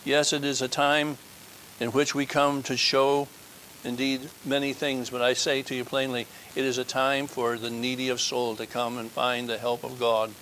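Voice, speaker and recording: A man's voice: mid-range voice, flat delivery, normal speed, a bit bright, slight background noise, rough recording. A man preaching a communion sermon, stressing his points by repeating key phrases and building to fervent appeals.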